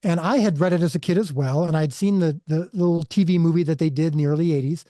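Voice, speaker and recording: Earnest man telling a story, dark dry sound. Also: a little high, quick pace, no room sound. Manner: earnest, animated storytelling with many restarts. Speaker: filmmaker guest. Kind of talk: conversational podcast interview.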